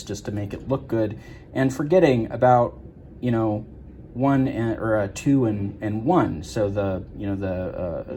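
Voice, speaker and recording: Low-voiced man explaining guitar repair. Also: mellow, a little hiss or hum. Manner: rambling, many fillers and restarts. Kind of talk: casual workshop explanation.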